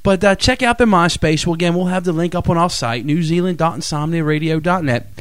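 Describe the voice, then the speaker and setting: A man's voice: fairly high pitch, fairly quick, smooth, no echo. A man co-hosting a radio show, joking around and hamming up Aussie slang. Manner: goofy, hams up Aussie slang. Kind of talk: joking on-air banter.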